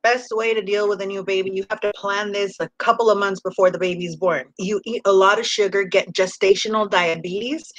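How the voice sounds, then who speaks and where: A woman improv performer on a video call, giving absurd advice in a brisk, matter-of-fact way. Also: medium pitch, fairly even intonation, a bit bright, low-quality recording.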